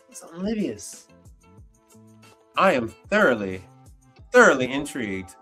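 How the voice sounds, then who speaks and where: A man hosting a casual livestream, animated and slangy, laughing often as he reacts to comments. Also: fairly high pitch, measured pace, breathy edge, soft background music. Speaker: livestream host.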